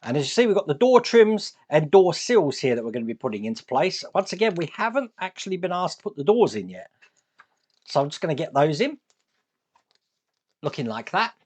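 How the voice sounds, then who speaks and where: A man's voice: on the high side, very animated, fairly quick, a little mellow. A man giving chatty, upbeat step-by-step commentary while building a large scale model at his workbench.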